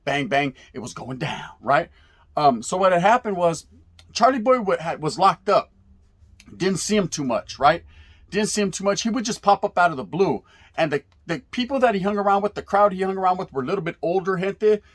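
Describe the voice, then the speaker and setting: A man's voice: high voice, lively intonation, brisk. A man in his forties from California, casually telling stories in street slang with Spanish words mixed in and plenty of cursing. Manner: laid-back street slang with Spanish words mixed in, frequent profanity and "right?" tags. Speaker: storyteller recalling youth prison days. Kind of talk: casual storytelling.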